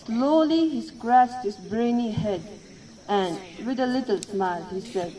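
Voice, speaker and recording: A woman reciting a narrative poem in a measured, emphatic storytelling manner. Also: a little high, warm tone. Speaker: elocution contestant. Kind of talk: poetry recitation. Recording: voice distant from the mic.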